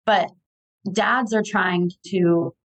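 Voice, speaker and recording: A woman's voice: medium pitch, steady tone, very slow, rough recording. A woman, giving practical advice in a casual conversation. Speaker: podcast guest.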